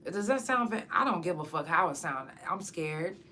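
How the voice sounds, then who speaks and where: Bright-voiced woman talking frankly. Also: on the low side, lively intonation, moderate pace, slight background noise. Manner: frank, chatty and profane; talks straight to her audience. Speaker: podcast host; singer. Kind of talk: casual chat to camera.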